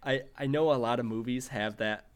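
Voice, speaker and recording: Animated man acting out quotes. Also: medium pitch, a little fast, clean tone. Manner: animated, acts out quoted lines. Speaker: podcast co-host. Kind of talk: casual film review chat.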